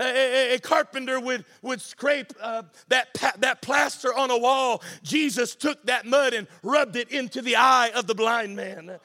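Pastor, male, impassioned preacher; bright, ringing voice. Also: very high-pitched. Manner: impassioned, rising to shouting and sing-song cadence. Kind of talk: sermon.

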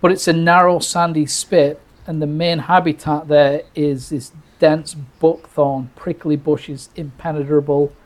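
British man telling a lively birding story. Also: a little high, unhurried, hardly any pauses. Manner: animated, restarts often, acts out quoted lines. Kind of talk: casual storytelling.

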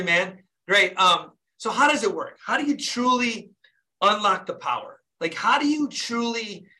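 A man's voice: high voice, sharp tone. A fired-up young man, a dentist, hosting a group video call and urging listeners on with repetitive, preachy motivation.

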